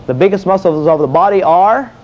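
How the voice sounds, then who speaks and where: A man's voice: high voice, expressive, fairly quick. A man leading an exercise demonstration as a fitness instructor, folksy and jokey, asking questions and answering them himself. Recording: dull lo-fi old video sound.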